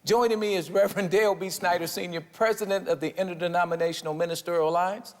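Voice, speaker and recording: A man's voice: high voice, steady tone, fast, long reverb tail. A man hosting a talk show, asking pointed questions and pushing his guests for answers.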